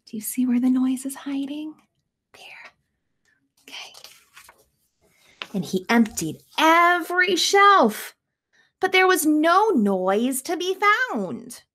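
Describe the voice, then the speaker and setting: A young woman reading a children's picture book aloud at a very slow, careful pace. Her voice sits a little high and swings widely as she reads. She keeps stopping to ask young listeners what they spot in the pictures. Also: sing-song, fairly bright tone. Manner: asks young listeners questions about the pictures. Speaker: school staff reader. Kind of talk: children's storytime read-aloud.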